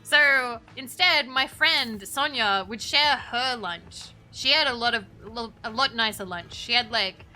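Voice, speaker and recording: Woman streamer, high and bright, giggly rambling storyteller, soft music underneath. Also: measured pace, few pauses. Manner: rambling, giggly anecdote with frequent restarts. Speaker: VTuber streamer. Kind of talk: casual storytelling.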